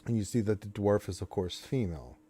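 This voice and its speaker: A man's voice: on the low side, animated, brisk, mellow, slightly rough. A man running a tabletop game as game master, describing scenes with frequent restarts. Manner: descriptive, restarts mid-sentence.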